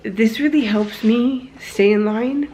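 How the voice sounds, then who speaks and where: Young woman, casual at-home vlogger talking to her phone, slow and unfiltered with plenty of fillers. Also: fairly high pitch, dark tone, slight background noise. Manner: frank and unfiltered, swears casually; rambling with fillers and self-corrections. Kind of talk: candid personal vlog.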